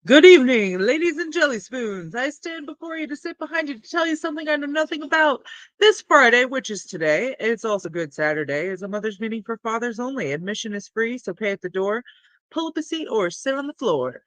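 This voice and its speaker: A stream host doing a loud, high, sing-song announcer voice to recite a nonsense rhyme as a joke intro. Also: animated, fairly quick, no room sound, close to an everyday voice, rough recording. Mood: mock-grand.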